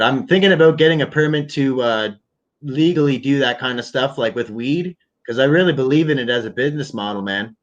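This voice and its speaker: A man's voice: mid-range voice, dull audio. A man hosting a late-night call-in chat, talking in a profane, rambling, joking way. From Canada. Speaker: host. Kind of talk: casual chat.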